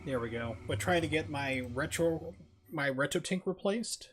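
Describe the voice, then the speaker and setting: A man streaming a retro game, chatting casually in a rambling, filler-heavy way and quick to break into a rant. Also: on the high side, a bit bright, a little hiss or hum. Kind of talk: casual live-stream chat while gaming. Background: game music.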